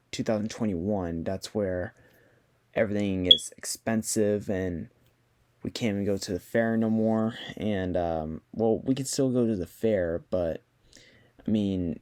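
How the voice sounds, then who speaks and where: A young man talks to his viewers into a computer mic, slow and hesitant. His voice sits a little low, and he stumbles through fillers and restarts. He keeps sighing as he tries not to cry. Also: darkish tone. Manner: halting, many fillers and restarts, holding back tears. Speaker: vlogger. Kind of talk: casual personal talk to camera. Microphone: computer mic on a video call.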